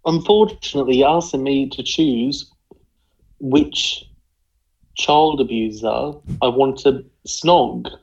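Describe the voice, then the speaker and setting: A man co-hosting a casual chat, speaking with wry indignation as he reasons aloud. His voice sits at a medium pitch, and the recording sounds a little dull and muffled. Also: a little slow, creaky, hardly any pauses, a little mellow. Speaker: co-host.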